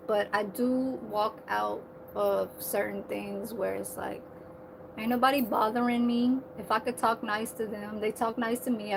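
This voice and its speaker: A woman who works as a server at a senior living community vlogs in a casual, rambling monologue, swearing freely and laughing at her own asides about the job. Her voice is fairly high and creaky, with background noise behind it.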